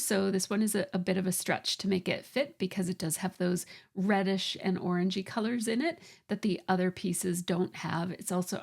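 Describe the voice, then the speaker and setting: A woman's voice: medium pitch, creaky, a little mellow. A middle-aged woman narrating her scrapbooking process in a casual voice-over, chatty and thinking aloud with frequent restarts. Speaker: scrapbooking channel host. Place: home craft room.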